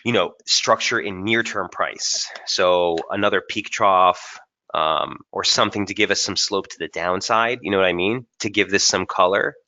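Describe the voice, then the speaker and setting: Low-voiced man explaining trading charts. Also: moderate pace, bright, forceful tone, lo-fi sound. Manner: casual, thinking aloud with frequent fillers and restarts. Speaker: trading webinar presenter. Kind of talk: live chart analysis webinar.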